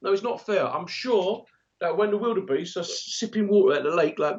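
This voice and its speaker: A man's voice: sits high, lively intonation, a little fast, a little mellow. A middle-aged man co-hosting a podcast in casual comedic banter, blunt and jokey, slipping into silly voices. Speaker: podcast co-host. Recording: muffled lo-fi recording.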